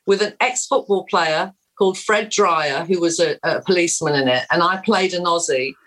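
A woman from England in her fifties, a guest actress, telling blunt, lively, self-deprecating stories in a candid chat. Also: on the low side, normal speed, poor audio.

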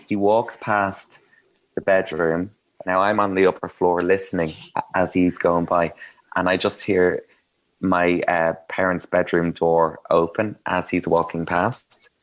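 A man's voice: sits low, flat delivery, unhurried. A man telling candid, self-mocking stories in a casual chat, with plenty of ums and asides. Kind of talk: casual anecdotal storytelling.

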